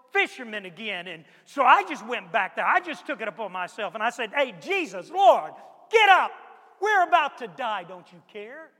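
A man voicing the hot-tempered fisherman apostle Peter in a dramatic first-person sermon monologue, swinging between loud outbursts and hushed whispers. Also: high voice, in a large hall.

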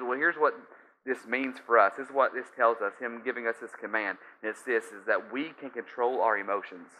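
A man's voice: medium pitch, fairly quick. A man preaching a sermon, emphatic, often restarting and repeating key phrases. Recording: slightly dull lo-fi sound.

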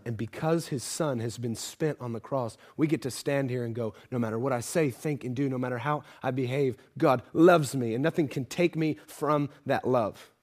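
A man preaching a sermon to a congregation, moving between quiet intimate asides and loud emphatic passages, often asking the audience rhetorical questions. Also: mid-range voice.

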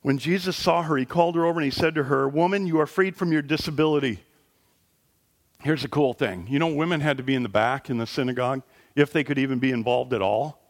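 A man preaching a sermon as a pastor in a church, animated and conversational, rising in pitch and volume at his high points. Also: fast talker. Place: church sanctuary.

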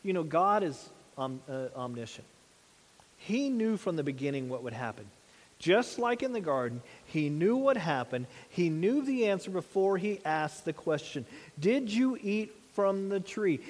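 A man in his thirties preaches a sermon, talking earnestly and plainly, with plenty of rhetorical questions. His voice sits high for a man. It rings out with a long reverb, like a big hall. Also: big pitch swings, normal speed. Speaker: pastor.

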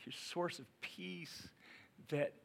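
A male pastor preaching a sermon, swinging between loud urging and quiet asides. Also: fairly high pitch, slow, vocal fry.

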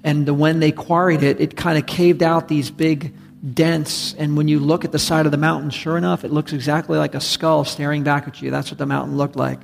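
Gravelly pastor preaching in a reverberant hall. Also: male voice, fairly high pitch, level tone, a little fast, slight background noise. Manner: conversational, emphatic preaching with repetition. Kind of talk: sermon. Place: church sanctuary.

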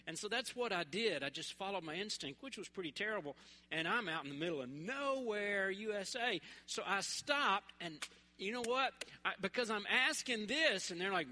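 A man from West Tennessee, preaching a sermon in a relaxed, conversational, humorous storytelling way. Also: high voice, normal speed. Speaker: pastor. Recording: echoey hall.

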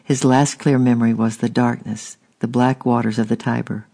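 A man's voice: medium pitch, flat delivery, normal speed, gravelly, dark tone. A man narrating a storybook steadily and unhurriedly, with small restarts. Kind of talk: audiobook narration.

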